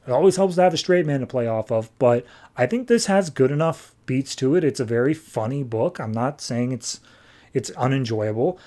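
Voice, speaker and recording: A man's voice: medium pitch, normal speed. A man on a podcast casually recapping a comic book and acting out the characters' lines as he goes. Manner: animated retelling, acting out characters' lines in passing. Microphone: podcast microphone.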